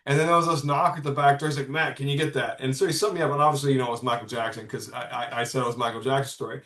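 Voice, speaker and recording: A man's voice: medium pitch, little pitch movement, rapid-fire, a bit bright, echoey room. A man in his fifties telling stories in a casual podcast chat, rambling with lots of restarts and the odd curse. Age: 50s. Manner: rambling, frequent restarts and profanity. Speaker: comics publisher guest.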